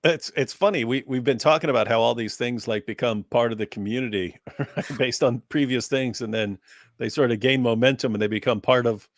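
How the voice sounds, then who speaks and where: Rambling male co-host who keeps laughing, middle pitch, dry close recording. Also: fairly quick, no room sound. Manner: rambling, breaks into laughter often while talking. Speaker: livestream co-host. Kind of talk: casual live chat.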